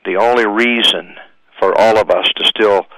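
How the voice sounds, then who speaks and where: A man's voice: on the low side, fairly even intonation, normal speed, gravelly, fairly bright tone, no echo, rough recording. A man reciting a patriotic poem and speaking with dramatic, preacherly delivery about faith and history. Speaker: speaker at high schools. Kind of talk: impassioned recitation and speech.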